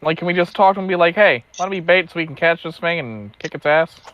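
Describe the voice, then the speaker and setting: A man's voice: on the high side, fast, fairly bright tone, muffled recording. A man playing a tabletop role-play, talking in a casual, brash way. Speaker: player.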